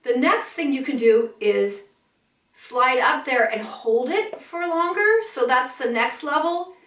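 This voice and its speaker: Woman vocal coach, high voice, singing lesson, demonstrating sirens, echoey room, a bit far from the mic. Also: expressive, takes it slowly, a bit bright.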